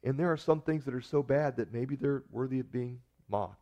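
A man preaching a sermon at an ordinary pitch, talking to the congregation with a wry, joking edge. The recording sounds dull and lo-fi. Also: moderate pace, mellow. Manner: conversational preaching with wry humor. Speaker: pastor.

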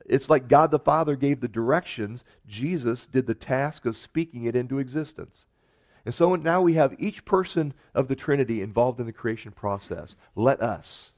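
A man preaching a sermon earnestly, rising to emphatic peaks and dropping to soft, quiet lines. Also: mid-range voice, normal speed. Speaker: pastor.

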